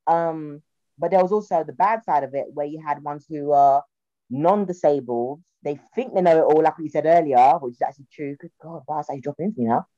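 A young woman with a South London accent, a comedian chatting in an interview, animated and laughing often. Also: sits low, fairly quick, no room sound, muffled recording. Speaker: guest, comedian. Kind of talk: casual interview chat.

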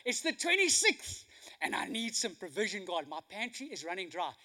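Devout old widow praying aloud, hushed and pleading, put on by a male preacher. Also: sits high, very animated, moderate pace, heavily acted.

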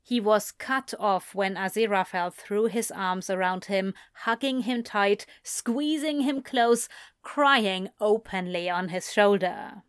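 A woman reading fan fiction aloud in a soft, unhurried storytelling manner. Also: medium pitch, clean tone, no room sound, studio quality. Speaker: reader.

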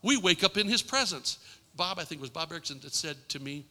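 An older man preaching a sermon as pastor, impassioned, repeating lines with emphasis and dropping at times to a hushed voice. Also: on the high side, expressive, fast talker. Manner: impassioned, with emphatic repetition and sudden drops to a hushed voice. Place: church sanctuary. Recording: long reverb in a large hall.

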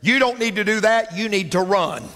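A man's voice: high-pitched, normal speed, pushed and bright. A male pastor preaching a sermon emphatically, repeating key lines for effect, in a large church. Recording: reverberant church hall.

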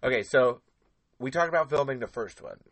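Lively, bright-voiced man hosting a podcast. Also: medium pitch, brisk, no room sound. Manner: animated, rambling, laughs, goes off on tangents. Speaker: podcast host. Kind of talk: casual chat.

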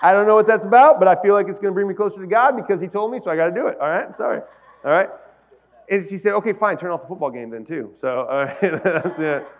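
In his sermon the male pastor is conversational with the congregation before climbing to emphatic peaks. His voice sits high and narrow, and he speaks fast through tinny audio.

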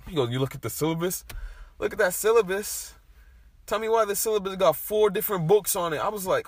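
A young man chatting casually, telling a profane, animated story with big bursts of laughter. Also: high voice, brisk, no echo. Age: young adult.

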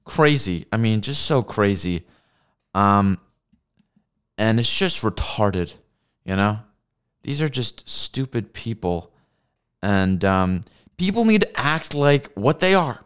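A man's voice: on the low side, very animated, slow pace, pauses often, clear, resonant tone. A man hosting a solo comedy podcast, ranting in a rambling, profane and mocking way. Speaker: podcast host.

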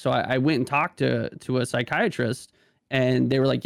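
A man's voice: medium pitch, steady tone, unhurried, creaky, no echo, studio quality. A man talking casually as a podcast guest, stammering and restarting often, with many "like" fillers. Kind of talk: casual conversation.

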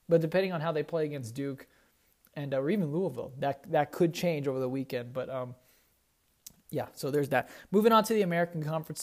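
A man's voice: on the high side, darkish tone. A man hosting a sports podcast alone, talking casually in a rambling way, correcting himself and checking scores as he goes. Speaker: podcast host.

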